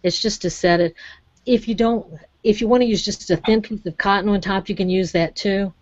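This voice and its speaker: A woman's voice: mid-range voice, steady tone, fairly quick, a little mellow, no room sound. A chatty woman leads a live craft demonstration and keeps urging her viewers not to be scared. Her voice is close and dry, with no room sound. The audio is dull and lo-fi, like an old webcam. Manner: encouraging, chatty, addresses viewers as y'all.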